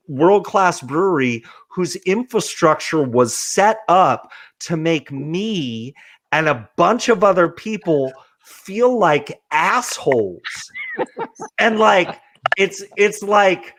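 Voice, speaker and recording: High-voiced man ranting on a podcast. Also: takes it slowly. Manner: animated, profane ranting with lots of fillers. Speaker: podcast host. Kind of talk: casual podcast chat.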